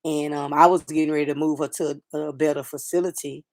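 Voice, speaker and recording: A middle-aged woman hosting a casual livestream chat, talking softly and sadly to viewers, rambling with fillers and restarts. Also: low voice, steady tone, quick pace, no echo, studio quality. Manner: soft-spoken, grieving, rambling with fillers and restarts. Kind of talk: casual personal talk to viewers.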